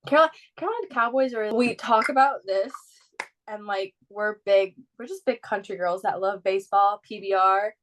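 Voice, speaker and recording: A young adult woman whose first language is Spanish, co-hosting a podcast in casual chat, eager and quick to jump in and repeat phrases. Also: medium pitch, fairly bright tone. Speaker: podcast co-host.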